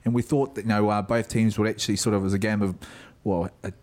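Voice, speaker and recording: New man, low voice, co-host, relaxed and quick to laugh. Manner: easygoing, laughs readily. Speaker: podcast co-host. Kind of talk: casual chat.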